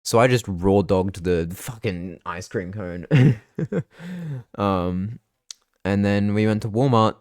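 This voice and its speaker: A man's voice: lowish voice, fairly even intonation, unhurried, darkish tone, dry recording, studio quality. A young man, chatting casually and rambling through a vlog recap of his trip. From Australia. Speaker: vlogger.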